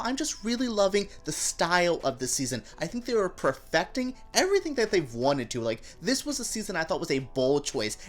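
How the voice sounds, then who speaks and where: A woman hosting a casual TV review vlog, gossipy and campy in manner. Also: lowish voice. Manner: animated, gossipy and campy, with playful voices for quotes. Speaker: TV review show host.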